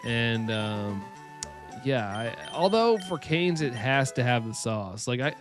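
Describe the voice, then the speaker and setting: A talkative man from the American South, speaking with a light Southern accent as he hosts a live stream. He is upbeat, laughs often and greets his chat by name, at a middling pitch, with faint music underneath. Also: big pitch swings, slow pace. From Southern United States.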